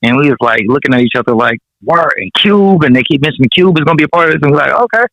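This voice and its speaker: A man tells stories in a relaxed, slangy way, often swearing and chuckling between anecdotes. His voice sits at an ordinary middle pitch. The sound is dry and a little dull, with the highs rolled off. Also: racing, creaky, no echo. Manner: laid-back, slangy and profane, chuckling through anecdotes. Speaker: rapper guest. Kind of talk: casual storytelling interview.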